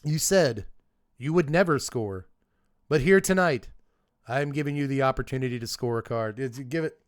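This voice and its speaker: A man's voice: mid-range voice, a little fast, clean tone, no room sound. Chatty man thinking aloud, dry close sound. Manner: chatty, thinks aloud, rambling asides and restarts. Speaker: card game reviewer and streamer. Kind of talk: casual live-stream set review.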